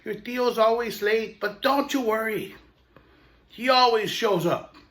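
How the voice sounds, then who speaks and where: A man voicing a gentle, patient father reassuring his young son at a wrestling show, in a warm, fatherly tone. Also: high-pitched, a little slow, pitched above the performer's own voice.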